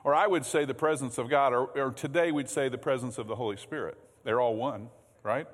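A pastor preaches a sermon in a church sanctuary, speaking conversationally, often repeating words and posing questions to the congregation. His voice is medium-pitched and brisk, carried by long hall reverb.

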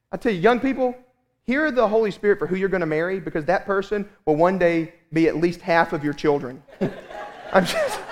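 A man in his thirties preaching a sermon as pastor, telling a family story with lively, animated asides. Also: on the high side. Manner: animated storytelling, acts out his own exasperation.

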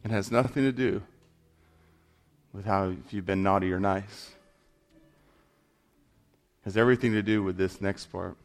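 A man preaching a sermon to his congregation, telling a funny story with humor and swinging between loud and hushed delivery. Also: on the low side, steady tone, moderate pace, pauses often, soft background music. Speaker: pastor.

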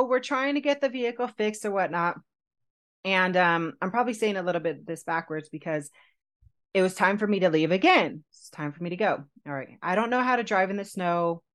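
A woman co-hosting a podcast, telling a personal story in an animated, chatty way with frequent laughter. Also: lowish voice. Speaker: podcast co-host telling her proposal story. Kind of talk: casual storytelling chat.

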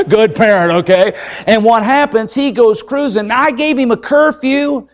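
A man's voice: extremely high pitch, measured pace. A middle-aged man, an evangelist, preaching a folksy, humorous sermon and keeps checking in with the crowd.

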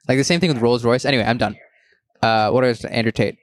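A man's voice: mid-range voice, fairly even intonation, no echo, clean studio sound. A young man co-hosting a podcast in casual chat, blunt and profane. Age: young adult. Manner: blunt, profane, fast-talking. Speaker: podcast co-host.

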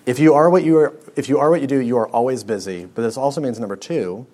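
A man's voice: medium pitch, fast, a little mellow. A young man, giving a conversational sermon to students and asking them frequent rhetorical questions. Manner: conversational preaching with rhetorical questions and pop-culture stories. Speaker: speaker to a student audience.

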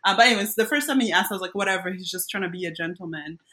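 A woman's voice: on the low side, rapid-fire, fairly bright tone. A young woman co-hosting a podcast in casual chat, chatty and giggly as she tells stories. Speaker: podcast co-host.

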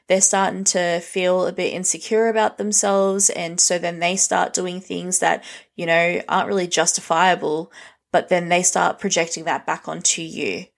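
A woman's voice: fairly low pitch, vocal fry. A young woman vlogging, giving a blunt, frank rant full of swearing. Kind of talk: casual rant to camera.

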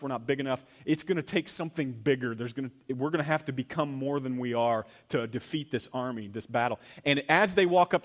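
A man preaching a sermon in a church, animated, swinging between loud emphasis and hushed near-whispers. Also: mid-range voice. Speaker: pastor.

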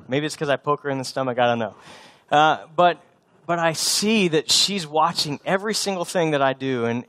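A man in his thirties delivers a sermon in a middle-pitched voice, telling stories with light humor and a few restarts. He sounds a little congested. The sound is dry and close to the mic. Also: a bit bright, no echo. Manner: storytelling with humor, frequent restarts. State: slightly congested from a sinus infection. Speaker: pastor. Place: church sanctuary.

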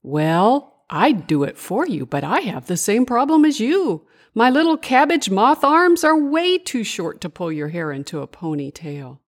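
A woman's voice: medium pitch, very animated, a little slow, few pauses, pitched above the performer's own voice. A woman voicing a friendly, helpful female cabbage moth in a storybook. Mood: chirpy. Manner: bright, chirpy, helpful. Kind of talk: storybook character voice.

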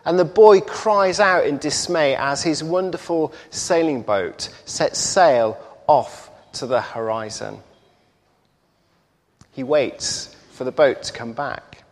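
A man preaching, telling a parable in an unhurried storytelling manner with small repetitions. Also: a little high. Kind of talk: sermon storytelling. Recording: echoey hall reverb.

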